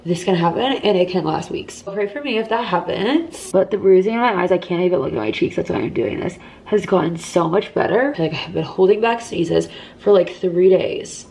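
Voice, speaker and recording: Congested young woman with gravelly voice. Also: fairly low pitch, animated, moderate pace, hardly any pauses, darkish tone. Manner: chatty, lots of "like", dips into whispers. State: congested, talks strangely. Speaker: vlogger. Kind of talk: casual recovery vlog.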